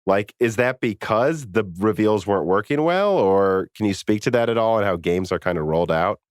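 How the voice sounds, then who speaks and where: A man's voice: fairly low pitch, expressive, dry recording, clean studio sound. A man hosting a podcast interview, reading listener questions aloud and chatting casually. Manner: reads listener questions, quick asides. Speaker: podcast host.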